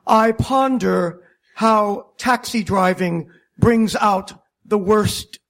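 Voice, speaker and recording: A man narrating a wry first-person story about driving a taxi, deliberate and self-mocking. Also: sits high, gravelly, fairly bright tone.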